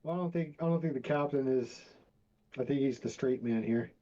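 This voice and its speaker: A man's voice: mid-range voice, brisk, mellow. A man playing a tabletop game over a call, easygoing and a little hesitant. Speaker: player. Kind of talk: casual game chat. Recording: dull lo-fi mic.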